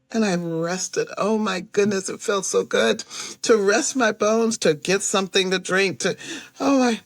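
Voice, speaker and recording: A woman storyteller telling a personal story in a lively way, acting out the people she meets. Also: medium pitch, slightly rough, dry recording, studio quality.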